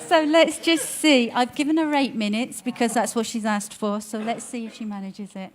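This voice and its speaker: A woman's voice: a little high, moderate pace. A woman compering an event, introducing the next speaker in a teasing way.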